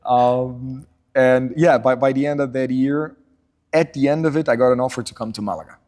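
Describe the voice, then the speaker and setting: As a guest on a podcast, a middle-aged man from Portugal spins stories in a casual interview, speaking at a moderate pace with a medium-pitched voice. He's an animated teller who performs quotes in raised voices.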